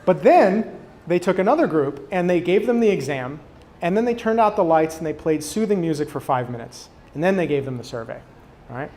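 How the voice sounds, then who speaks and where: A man speaking from a conference stage in a loose, conversational way, full of fillers and restarts. His voice sits a little high, and he acts out quoted customers with lively voices. A faint hum runs behind him. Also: fairly quick. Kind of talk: conference talk.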